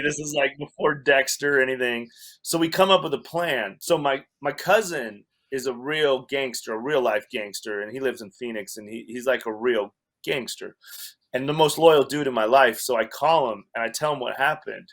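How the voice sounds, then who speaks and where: A man's voice: mid-range voice, moderate pace. Man telling a wild story, self-mocking. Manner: animated storyteller, wry and self-mocking, laughs through his story. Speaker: podcast guest. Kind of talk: storytelling in a casual chat.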